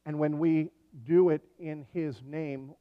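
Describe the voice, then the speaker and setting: A man preaches a sermon in a relaxed, conversational way, slipping in dry jokes and telling stories with animation. His voice sits a little high for a man. The sound is dull and lo-fi, with a long reverb from a large hall. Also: slow pace. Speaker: pastor.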